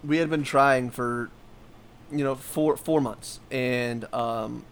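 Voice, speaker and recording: A man's voice: mid-range voice, fairly even intonation, slow, smooth. A man chatting casually as a podcast co-host, talking candidly in a rambling way with many fillers and restarts. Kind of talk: casual chat.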